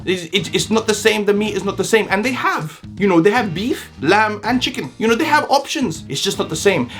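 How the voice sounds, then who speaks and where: A man from the UK with a London-leaning British accent, talking to camera in a joking, animated vlog. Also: high-pitched. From United Kingdom. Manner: animated, joking, talks straight to viewers. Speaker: vlogger. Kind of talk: casual vlog monologue.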